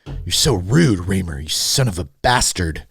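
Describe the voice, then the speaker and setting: A man's voice: deep voice, expressive, a little slow, gravelly, fairly bright tone, slightly rough, no room sound, clean studio sound. A man hosts a podcast, reading an article aloud in a joking way and mocking its wording. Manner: playful, mocks the wording, laughs often. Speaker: podcast host. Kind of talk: joking read-through of an article. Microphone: studio mic.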